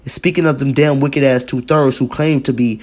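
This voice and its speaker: A man's voice: mid-range voice, steady tone, moderate pace, a little mellow. A man giving an emphatic, repetitive preaching commentary on video, reading scripture and news aloud and often adding "man".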